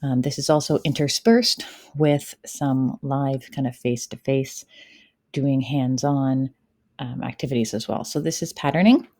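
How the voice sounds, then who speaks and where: A woman's voice: extremely low pitch, steady tone, a little slow, dark tone, dry recording, clean studio sound. A woman kindergarten teacher talking through a tutorial on how she runs her online lessons, chatty and explaining step by step with light fillers. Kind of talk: tutorial walkthrough.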